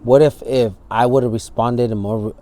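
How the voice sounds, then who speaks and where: Man with an average-pitched voice, giving a candid interview, acting out the scenes and swearing as he goes. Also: fairly even intonation, normal speed, mellow. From San Francisco Bay Area. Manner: vivid storytelling, acts out scenes, swears freely.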